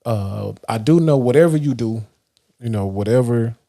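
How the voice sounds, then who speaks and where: A Dallas, Texas man hosts a livestream, delivering a loose, rambling motivational monologue full of restarts and fillers. His voice is medium-pitched and warm with vocal fry, at a moderate pace.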